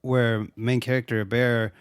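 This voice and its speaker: Young male co-host, casual profane movie-recap chat, middle pitch, dry close mic. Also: flat delivery, unhurried, smooth, dry recording. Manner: laid-back, swears a lot, acts out quotes. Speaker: podcast co-host.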